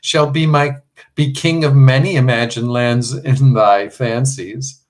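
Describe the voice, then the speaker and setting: A man voicing a soothing, half-mocking enchantress queen in a sweet, quiet, coaxing voice for an audiobook. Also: mid-range voice, fairly even intonation, slow, close to an everyday voice. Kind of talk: audiobook character reading.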